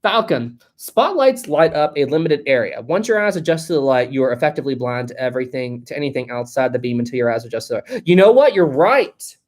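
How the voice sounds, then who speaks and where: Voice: mid-range voice, very animated, fast, few pauses, a little mellow. Chatty, jokey live-stream host. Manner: chatty and jokey, laughs a lot; thinks aloud, with many fillers and restarts. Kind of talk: casual live-stream chat, reading viewer comments aloud.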